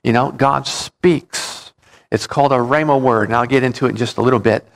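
Male pastor, mid-range voice, steady earnest preaching with restarts. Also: mid-range voice, a little fast, gravelly. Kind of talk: sermon.

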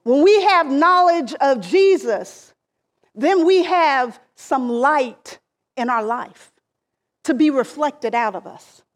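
A woman delivers a sermon at an unhurried, measured pace. Her voice sits high, and she stresses key phrases before letting the ends of her lines fall away softly. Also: lively intonation. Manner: slow, deliberate preaching with emphatic rises and soft trailing endings. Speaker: preacher.

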